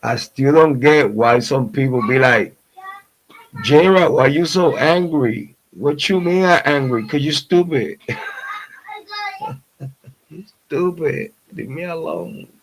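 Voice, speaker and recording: Male livestream host, mid-pitched, unhurried, profane and playful, laughs often while trash-talking. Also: low-quality recording. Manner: loose, profane, frequently laughing trash talk; playful and affectionate with family. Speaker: true crime livestream host. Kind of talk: casual pre-show livestream chat.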